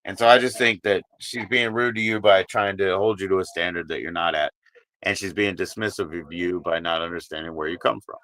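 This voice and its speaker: A man's voice: sits low, steady tone, brisk, fairly bright tone, no room sound. A man hosting a live stream, talking bluntly and profanely while consoling a caller. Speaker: livestream host. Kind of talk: casual live stream chat. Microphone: streaming mic.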